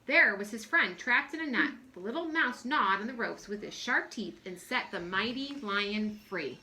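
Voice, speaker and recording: A woman reading a children's picture book aloud in a friendly, expressive way. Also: mid-range voice, normal speed. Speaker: story reader.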